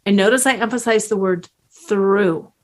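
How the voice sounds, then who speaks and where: A middle-aged woman coach giving a slow, earnest motivational talk with strong emphasis. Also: medium pitch.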